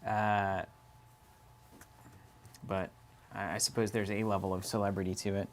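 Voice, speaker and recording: A man's voice: on the low side, flat delivery, unhurried. A man co-hosting a card game stream from an office, chatting casually, laughing often and reading viewer comments aloud.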